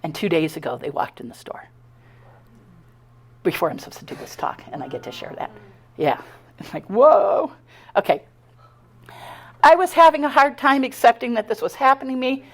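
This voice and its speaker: A middle-aged woman giving a talk, telling her own story in an animated, conversational way, acting out the dialogue and often stumbling and restarting. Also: fairly high pitch, brisk, long pauses. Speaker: speaker giving a talk on her abduction experiences. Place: talk at a spiritual center.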